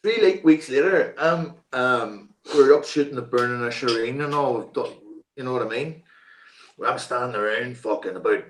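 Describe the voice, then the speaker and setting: A man as an interview guest, casually telling a story, swearing freely and filling his talk with "like" and "you know what I mean". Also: mid-range voice. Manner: swears freely, animated anecdote-telling with many fillers. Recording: roomy echo.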